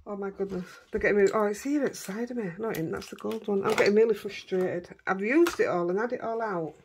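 A woman's voice: mid-range voice, fast, noisy background. A middle-aged woman with a Yorkshire accent chatting casually as she crafts, talking to herself and her dogs as she works. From Yorkshire, England. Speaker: craft vlogger.

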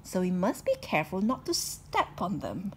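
A woman voicing a little girl princess who is scared of ghosts, speaking in a high, drawn-out pleading voice. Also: wildly swooping pitch, slight background noise. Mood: earnest.

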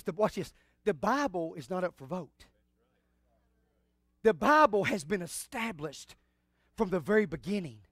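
A man preaching an impassioned sermon, shouting out exclamations, then dropping to hushed asides. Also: high-pitched, no echo, studio quality. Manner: call-and-response exclamations. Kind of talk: fiery sermon.

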